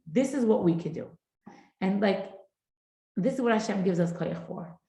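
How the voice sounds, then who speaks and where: A woman's voice: mid-range voice, expressive, moderate pace, pauses often, mellow, echoey room, faint music behind, rough recording. A middle-aged woman teaching a parenting class in a chatty, informal way, mixing Hebrew and Yiddish terms into her talk.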